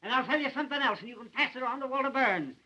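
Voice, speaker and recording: An actor playing a blustering, threatening small-town sheriff in an early 1930s film. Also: male voice, very high-pitched, animated, very fast, sharp tone, heavily acted. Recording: dull 1930s film soundtrack.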